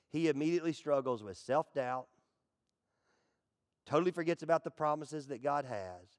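A middle-aged male pastor preaching a dramatic sermon, swinging from loud, pleading outbursts to hushed asides and acting out whiny voices. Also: fairly high pitch. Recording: long hall reverb.

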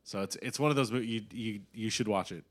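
Young man, lowish voice, loose and profane chatter. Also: brisk. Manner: swears a lot, rambling and animated when excited. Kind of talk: casual chat.

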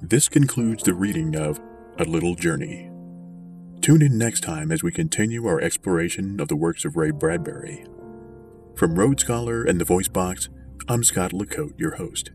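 A man hosting a podcast, reading a short story aloud in a measured, deliberate way from a mobile studio. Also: low voice, expressive, over music. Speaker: podcast host and reader. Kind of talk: scripted narration of a short story. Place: mobile studio in a converted school bus.

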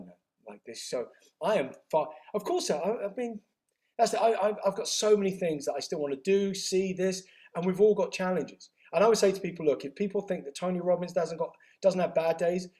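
A man being interviewed, telling stories energetically with lots of restarts and laughs. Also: high voice. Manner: energetic, animated storytelling with frequent restarts. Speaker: guest, health author and retreat owner. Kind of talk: casual interview chat.

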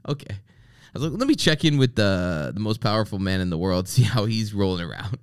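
Animated joking male podcast host. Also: on the low side, fairly quick, clear, resonant tone, dry recording, clean studio sound. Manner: joking, sarcastic, animated storytelling. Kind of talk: casual podcast banter.

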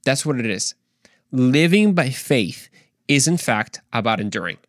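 A man hosting a faith podcast, earnest and animated, repeating points for emphasis and joking in between. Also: mid-range voice, measured pace, no room sound, clean studio sound. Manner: playful, tries silly accents, earnest preaching. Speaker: podcast host. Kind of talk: casual faith podcast monologue.

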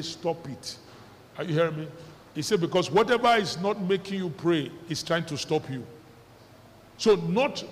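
A male pastor delivers a sermon with a slightly high voice, stopping often to question and command his congregation. The sound carries a long church-hall reverb. A faint hiss runs under it. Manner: exhorting, repeats questions to the congregation.

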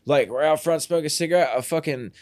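A man's voice: a little high, fast talker, a little mellow, no room sound, clean studio sound. A young man, telling his own story as a podcast guest, swearing, laughing often and saying "bro" every few words. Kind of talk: casual storytelling.

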